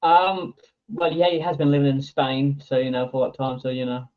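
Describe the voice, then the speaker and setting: A British man, a guest in a casual chat, speaking plainly and haltingly with many ums. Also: mid-range voice. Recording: tinny phone-like line.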